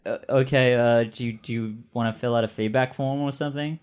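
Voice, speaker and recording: A man voicing a flustered male fast-food cashier in a tabletop game. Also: medium pitch, steady tone, darkish tone, natural voice. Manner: hesitant, uncertain.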